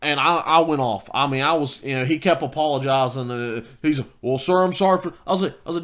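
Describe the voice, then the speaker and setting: A man's voice: medium pitch, fast, hardly any pauses, fairly bright tone. A man co-hosting a podcast, telling a heated story in casual chat with many restarts. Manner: storytelling, quoting himself heatedly, lots of restarts. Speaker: podcast co-host.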